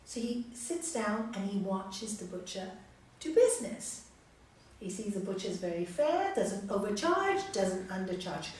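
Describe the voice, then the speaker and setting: A woman yoga teacher telling a teaching story to a class, lively and animated, in a large hall. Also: medium pitch, measured pace. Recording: echoey hall from far off.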